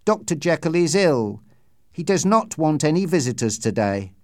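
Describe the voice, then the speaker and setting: A polite butler apologizes as he turns a visitor away, voiced by a man reading aloud. The pitch rises and falls widely. The sound is dry and close. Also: sing-song, moderate pace, darkish tone, no echo.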